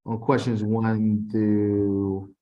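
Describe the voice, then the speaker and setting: A man leads an informal tutoring session, reading out multiple-choice questions. His voice sits on the low side, and he stumbles, restarts and corrects himself as he goes. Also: level tone, dull audio. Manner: informal, halting, reads quiz questions aloud with restarts. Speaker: TESOL instructor.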